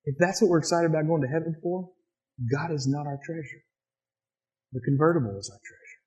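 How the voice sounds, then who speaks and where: A man preaching a sermon in a church, lively and animated, often acting out excited quotes in a higher voice. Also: brisk. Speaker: pastor.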